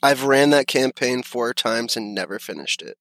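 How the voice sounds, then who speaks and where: A man's voice: mid-range voice, animated, moderate pace, a bit bright, no echo. A man in his twenties co-hosting a podcast, blunt and swearing freely. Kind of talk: casual chat.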